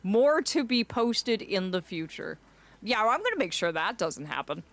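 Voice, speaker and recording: A young woman livestreams in a fae persona, theatrical and affectionate, greeting chatters fondly as "my dear." She speaks at normal speed in a sing-song, mid-range voice.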